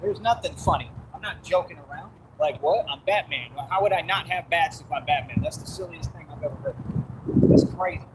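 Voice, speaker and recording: A man rants defiantly at his viewers, repeating himself and calling them out. His voice sits a little high for a man. Loud background noise runs under the whole recording. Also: fairly quick. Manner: defiant, repetitive, addresses viewers as y'all. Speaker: vlogger. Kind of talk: direct-to-camera rant.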